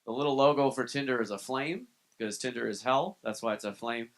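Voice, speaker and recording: A man's voice: medium pitch, brisk. A man performing stand-up comedy in a club, joking about himself in a loose, profane, conversational way. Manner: self-deprecating, profane, conversational. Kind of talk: live stand-up set.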